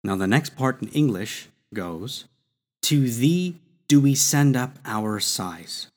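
A man's voice: medium pitch, lively intonation, slow. A man teaching the words of a Latin prayer in a patient, explanatory way, repeating and sounding out each word. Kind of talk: slow explanatory lesson.

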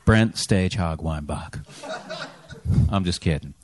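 A man's voice: sits low, slow. A man hosting a live comedy podcast on stage, teasing his guests in a dry way. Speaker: podcast host. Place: on stage before a live audience.

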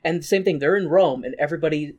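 A man co-hosting a podcast, recapping a story in a casual comedic way with a slightly raspy throat, swearing freely and slipping into quick put-on voices. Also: a little high, darkish tone. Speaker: podcast co-host.

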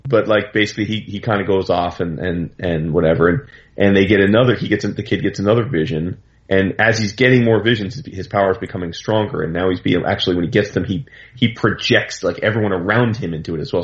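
Deep-voiced man rambling through a recap. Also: lo-fi sound. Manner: rambling, filler-heavy, animated asides. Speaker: comics commentator. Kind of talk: casual recap.

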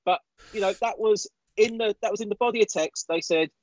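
A man's voice: high-pitched, a little fast, no echo. A man co-hosting a casual podcast, talking in an indignant, ranting way. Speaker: podcast co-host. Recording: dull lo-fi dry audio.

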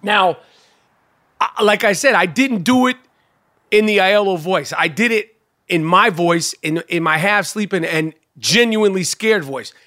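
A man's voice: high-pitched, measured pace, sharp tone, no echo, clean studio sound. A man co-hosting a podcast in casual chat, profane and full of stumbling restarts. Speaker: podcast co-host.

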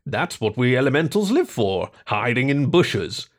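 A man voicing a grumpy, sarcastic male bear elemental in a storybook reading, speaking slowly and dryly. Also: medium pitch, very animated. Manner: dry, sarcastic, slow and deliberate.

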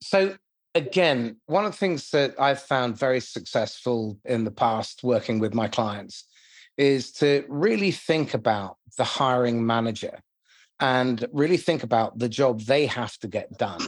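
A man hosting an interview, asking questions in a measured, thoughtful way. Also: medium pitch, lively intonation.

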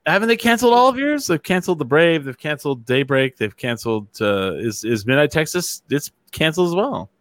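A man's voice: on the high side, big pitch swings, fairly quick, hardly any pauses, a bit bright, no echo. A man hosting a casual chat show, joking and teasing his guests. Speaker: show host.

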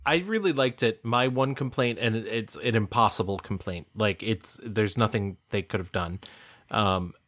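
A man with a fairly low voice talks casually on a film podcast. He weighs his points thoughtfully and delivers measured critique. He speaks as a regular co-host of the show. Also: fairly bright tone. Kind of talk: casual film review chat.

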